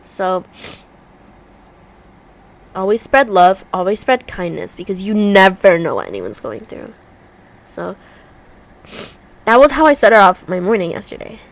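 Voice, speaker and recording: A woman's voice: medium pitch, sing-song, a little slow, pauses often. A woman vlogging at home, chatting casually while she works on a puzzle, rambling through stories with a congested voice. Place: room at home by a heater.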